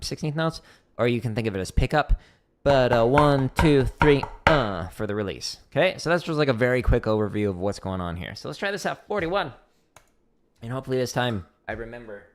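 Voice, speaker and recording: A man's voice: mid-range voice, very noisy. A man giving a casual drum lesson on a practice stream, talking through rhythms and singing them out with syllables. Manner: sings out rhythms with vocal syllables; relaxed, thinking aloud with fillers. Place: home practice room. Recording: loud drumming and clicks behind the voice.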